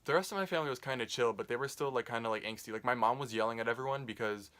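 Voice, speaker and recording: A man's voice: mid-range voice, very fast, fairly bright tone. Rambling, foul-mouthed young man telling a story. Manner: rambling, profane, lots of "like". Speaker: vlogger. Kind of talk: casual storytime vlog.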